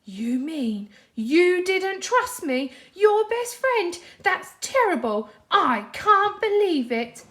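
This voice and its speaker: A woman voicing a dim, clumsy male cartoon starfish in a storybook reading, loud and drawn-out. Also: medium pitch, close to an everyday voice. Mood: upset.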